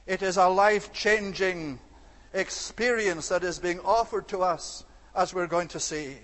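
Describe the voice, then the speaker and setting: High-voiced man preaching in a reverberant hall. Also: a bit bright. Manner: earnest, measured, slows to stress scripture words. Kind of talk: expository sermon. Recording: long reverb of a large hall.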